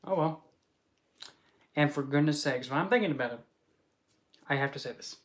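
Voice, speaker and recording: A streamer rambling loosely through a casual livestream chat, often giggling and breaking into exclamations. They talk back to viewers with teasing pet names, in a voice of middling pitch. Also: moderate pace, slight background noise. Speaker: streamer hosting an open chat.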